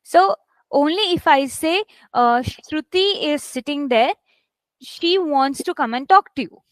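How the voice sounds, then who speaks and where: High-voiced woman teaching in a dry close sound. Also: expressive, a little slow, dry recording. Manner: explains with examples, often checks with "right?"; stresses words heavily to demonstrate. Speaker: English test instructor. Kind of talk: live online class.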